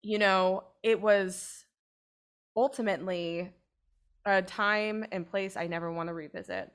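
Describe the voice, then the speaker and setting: A woman's voice: medium pitch, fairly even intonation, unhurried, clean tone. A woman co-hosting a podcast, telling a long, rambling story in casual chat and swearing freely. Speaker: podcast co-host.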